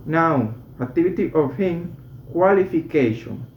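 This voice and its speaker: A man's voice: fairly high pitch, expressive, unhurried. A man reading medical English textbook exercises aloud, carefully and with a few slips and restarts. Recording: echoey room, dull lo-fi sound, faint noise.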